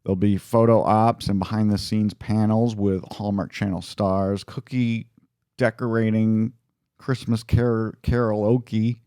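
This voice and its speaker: A man's voice: fairly low pitch, fairly even intonation, a little slow, dark tone, clean tone, no echo. A man co-hosting a casual comedy podcast in a studio, chatty and laughing as he reads news items. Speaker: podcast co-host.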